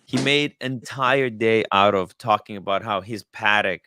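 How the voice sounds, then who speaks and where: A man's voice: lowish voice, normal speed, pushed and bright, slight background noise. A man hosting a casual livestream chat about watches, rambling with many fillers and restarts. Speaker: watch podcast host. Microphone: studio mic.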